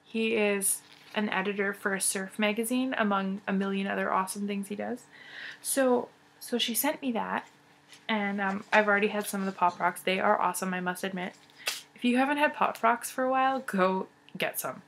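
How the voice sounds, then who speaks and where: A young woman vlogging in casual chat, gushing and excited, with many fillers and restarts. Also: mid-range voice, moderate pace, vocal fry.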